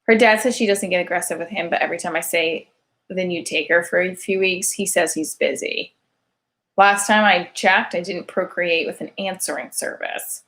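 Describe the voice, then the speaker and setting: A woman's voice: fairly low pitch, normal speed, fairly bright tone. Rambling, sarcastic woman comic. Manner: chatty, digressive, full of "like" fillers; sarcastic, self-mocking. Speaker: single mother comic.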